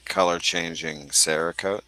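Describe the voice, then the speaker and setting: A man's voice: low voice, steady tone, a little slow, bright, forceful tone, poor audio. A man chatting casually and joking on a podcast about gear he's selling. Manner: joking, laid-back. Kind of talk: casual chat.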